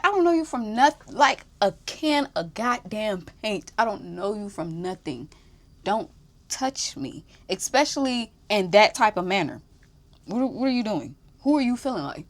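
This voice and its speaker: A young woman with a somewhat high voice tells a story on her own podcast. She is animated and blunt, swears freely and slips into laughter as she talks. The delivery is loose casual chat. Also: moderate pace. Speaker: podcast host.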